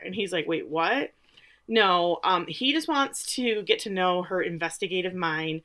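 A woman co-hosting a podcast, recapping a TV episode in a casual, animated way and acting out the characters' lines. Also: fairly low pitch, unhurried. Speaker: podcast co-host.

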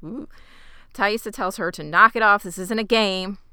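A woman casually recapping a TV episode with quick asides and some swearing. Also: medium pitch, pushed and bright, clean tone, dry recording, clean studio sound.

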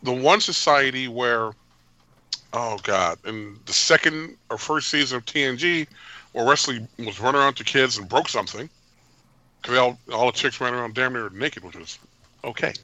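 A man's voice: mid-range voice, moderate pace, sharp tone. A man co-hosting a podcast, musing and playfully arguing in casual chat. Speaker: podcast co-host.

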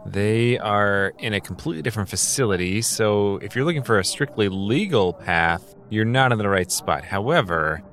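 A man's voice: fairly low pitch, lively intonation, moderate pace, hardly any pauses, fairly bright tone. A man narrating a tabletop role-playing game as game master, with playful salesman patter. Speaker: game master voicing shopkeepers.

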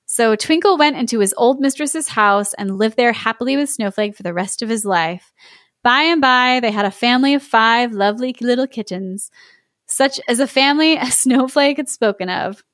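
Young woman host, fairly high voice, lively folk-tale reader; dry, close mic. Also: normal speed, dry recording. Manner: lively, laughs between lines. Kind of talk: storytelling read-aloud with chat.

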